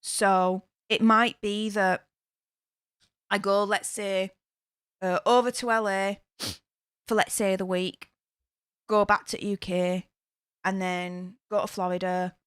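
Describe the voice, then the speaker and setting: In a slow, smooth, mid-range voice with little pitch movement and long pauses, a young Yorkshire woman reads fan super chats on her YouTube livestream. She's blunt, casual and swears freely, and hails from Yorkshire, England. The sound is dry and studio quality.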